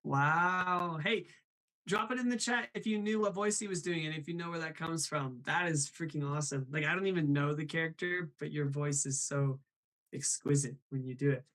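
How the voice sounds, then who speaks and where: A man's voice: a little high, normal speed, fairly bright tone. Bubbly young man hosting a live show. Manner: bubbly, laughs often, reads chat aloud. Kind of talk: casual live-stream chat.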